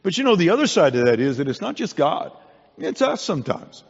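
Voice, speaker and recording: A man's voice: a little high, big pitch swings, fairly quick, gravelly, breathy edge. Man preaching in an echoey hall. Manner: earnest, conversational preaching with many restarts. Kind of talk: sermon. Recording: dull sound in a long-echo hall.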